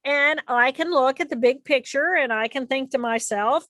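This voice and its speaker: High-voiced woman giving an animated talk. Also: normal speed, few pauses, no room sound, studio quality. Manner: animated, acts out inner voices and repeats phrases. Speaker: speaker presenting to an audience. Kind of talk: explanatory lecture talk.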